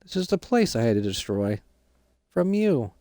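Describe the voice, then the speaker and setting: A man's voice: mid-range voice, sing-song, moderate pace, mellow, no echo, clean studio sound. A man voicing a bossy teenage son who lectures his father in a Minecraft role-play. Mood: scolding. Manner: lecturing, preachy.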